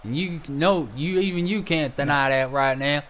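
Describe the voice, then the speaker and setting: Male wrestling commentator, high-pitched, brash, profane play-by-play. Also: moderate pace, a bit bright. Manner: brash, trash-talking, swears a lot.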